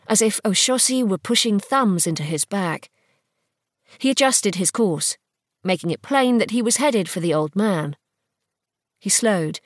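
A woman narrating a novel in a measured, even storytelling voice. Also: fairly low pitch, dry recording, studio quality. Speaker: audiobook narrator. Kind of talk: scripted fiction narration.

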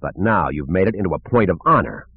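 A man voicing a gruff, hot-tempered male pilot who talks curt and snappish. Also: expressive, quick pace, exaggerated voice. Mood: snappish, menacing. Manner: curt, snappish, low and threatening. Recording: narrow phone-like sound.

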